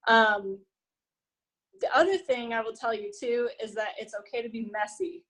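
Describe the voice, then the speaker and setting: A woman's voice: fairly high pitch, normal speed, fairly bright tone, low-quality recording. A woman in her thirties, a health coach and nurse, sharing tips in a friendly, hesitant way with many fillers. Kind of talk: sharing tips on a group call.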